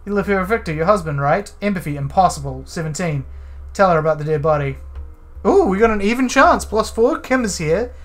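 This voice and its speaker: A young man streaming a game, casually reading its text and choices aloud with animated delivery. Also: high voice, a little fast. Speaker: let's play streamer.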